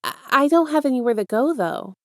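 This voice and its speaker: A woman's voice: high voice, expressive, drawn-out words, dry recording, clean studio sound, voice pushed up, full character voice. A woman voicing a nervous, easily startled young man who stammers his questions in a podfic reading.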